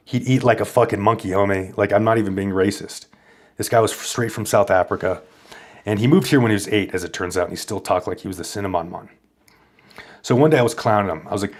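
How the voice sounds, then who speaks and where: A man's voice: lowish voice, steady tone, fast. A man hosting a stream, telling a rambling, boastful story in crude, casual chat. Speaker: streamer host.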